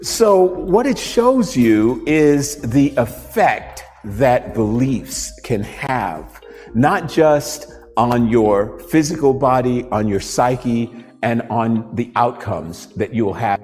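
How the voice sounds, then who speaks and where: Animated male storyteller in a reverberant hall. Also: medium pitch, slow, soft background music. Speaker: host and motivational speaker. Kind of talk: storytelling talk with a live demonstration.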